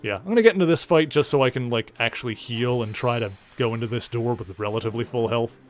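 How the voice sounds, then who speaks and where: A man's voice: mid-range voice, fast, soft background music. A man streaming a video game, chatting casually in a rambling way, full of fillers and the odd swear word. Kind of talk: casual gameplay commentary.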